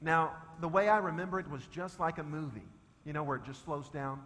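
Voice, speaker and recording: A male pastor telling a comic story in a sermon, shifting between loud shouts and hushed low talk. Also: fairly quick, slight background noise. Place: church sanctuary. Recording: long reverb of a church hall.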